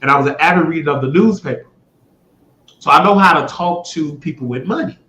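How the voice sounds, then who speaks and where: A man hosting his own show, talking in a blunt, rambling monologue that swears freely and swings between loud bursts and mutters. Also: on the high side, fairly quick. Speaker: show host. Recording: echoey room, dull lo-fi sound.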